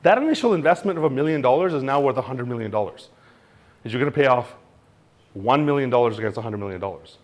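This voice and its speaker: A man giving an informal seminar talk on money, blunt and animated, acting out little exchanges in mock voices. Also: mid-range voice, quick pace. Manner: blunt, swears casually. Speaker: crypto educator.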